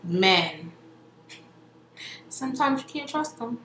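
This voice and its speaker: Woman vlogger, highish voice, chatty slangy recap, roomy echo. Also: very animated, takes it slowly, sharp tone, a little hiss or hum. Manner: chatty, slangy storytelling, acts out quotes. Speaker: TV reality show reviewer. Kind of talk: casual episode recap.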